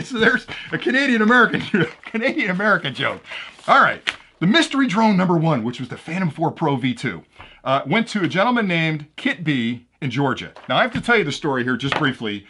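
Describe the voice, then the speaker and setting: Chatty man with a lively voice. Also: on the high side, fast talker. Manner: chatty, tells jokes and laughs at his own punchlines. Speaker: drone channel host. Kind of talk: casual giveaway announcement with jokes.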